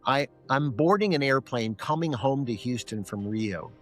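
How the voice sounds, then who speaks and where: A middle-aged man tells a personal story as a podcast guest, voicing both himself and the other speaker in a remembered exchange. His voice sits at an ordinary pitch for a man. Faint music plays underneath. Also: moderate pace. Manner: animated, acts out both sides of remembered dialogue.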